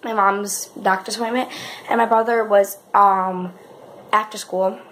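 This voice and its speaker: A woman's voice: medium pitch, fairly even intonation, unhurried, fairly bright tone, slight background noise. A woman talking in a casual vlog, chatty and rambling, calling out to her viewers again and again. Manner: chatty, says "guys" constantly, rambling with restarts. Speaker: vlogger.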